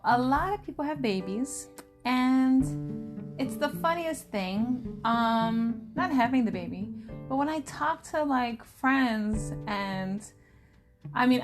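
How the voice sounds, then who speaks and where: A woman in her thirties talks casually to her viewers, lively and storytelling as she acts out friends and her husband. Her voice sits a little high. Music plays clearly behind her. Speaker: vlogger. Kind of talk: casual chat to camera.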